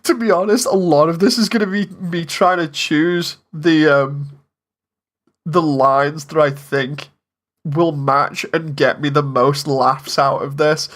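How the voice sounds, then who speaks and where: A man's voice: a little high, steady tone, slow, a bit bright. A man in casual commentary, chatting about voice takes as an animator and laughing often. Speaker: animator and streamer.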